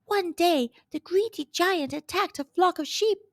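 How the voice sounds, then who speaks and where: A woman's voice: unhurried, no echo. A woman voicing a tiny, sweet female fairy in a storybook reading. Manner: high and sweet.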